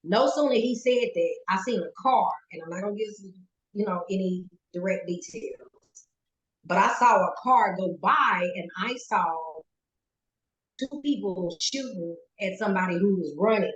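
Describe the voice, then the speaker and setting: Animated, goofy woman storyteller; roomy, echoey home recording. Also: medium pitch, normal speed. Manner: goofy and animated, acts out quotes. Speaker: guest. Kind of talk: casual storytelling. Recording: roomy echo. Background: pet rabbit scratching cage.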